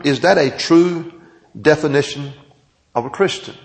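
A man with a gravelly, fry-edged voice delivers a sermon to a class. He draws out key words for emphasis and keeps asking his listeners questions. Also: a little high, low-quality recording. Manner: emphatic, drawn-out phrases, asks the audience questions. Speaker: pastor teaching a Bible class. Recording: taped sermon.

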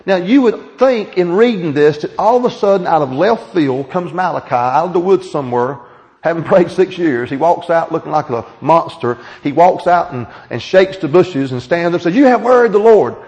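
A man's voice: fairly high pitch, normal speed, a little mellow, long reverb tail. Male preacher, repeating for emphasis. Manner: preaching with emphatic repetition and quoted dialogue. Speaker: pastor. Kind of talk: sermon. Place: church.

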